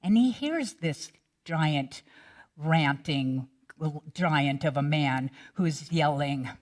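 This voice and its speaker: A woman's voice: sits low, expressive, very slow. A middle-aged woman minister retelling a Bible story in a sermon, in a casual, chatty way with many restarts.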